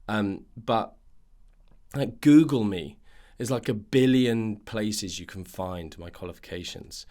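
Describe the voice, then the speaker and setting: A man's voice: fairly low pitch, takes it slowly, dark tone. A man hosting a nutrition podcast, ranting in a casual monologue full of fillers and restarts.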